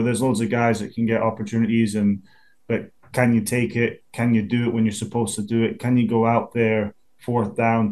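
A man's voice: fairly low pitch, a little mellow. A young man with a Scottish accent, a football punter in a casual interview, easygoing and often repeating words as he thinks. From Scotland.

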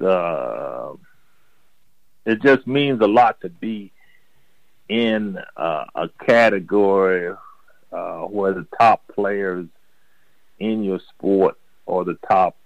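An older man and former basketball player, answering interview questions slowly, with many pauses and fillers, on a dull lo-fi recording. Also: lowish voice, creaky, dry recording. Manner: slow, halting, with many fillers. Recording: dull lo-fi sound.

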